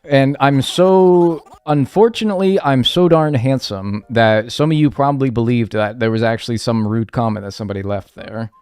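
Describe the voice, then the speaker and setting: Male streamer, mid-pitched, loose rambling banter with self-mocking jokes, faint game music underneath. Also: normal speed, few pauses, a little mellow, clean tone, no room sound. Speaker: live streamer. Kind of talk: casual live-stream chat.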